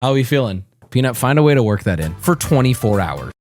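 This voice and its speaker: A man streaming, chatting with viewers and rehearsing a trailer voice-over, drawing out words in a hammy, shouted announcer delivery and swearing as he jokes. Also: mid-range voice, big pitch swings, fast talker, soft background music. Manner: joking, profane.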